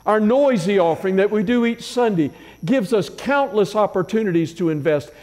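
A man preaching a sermon as pastor, measured and emphatic, driving points home with repeated phrases. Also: sits high, expressive, darkish tone. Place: church sanctuary. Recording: long reverb in a large church hall.

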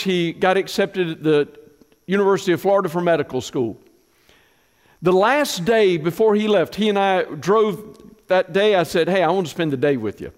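A middle-aged man preaches a sermon in a slightly high voice, his words ringing out with a long reverb. He tells stories with deep feeling and sinks to a soft hush at the tender parts. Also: clean tone. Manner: storytelling, emotional, softens to a hush in tender moments. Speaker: pastor.

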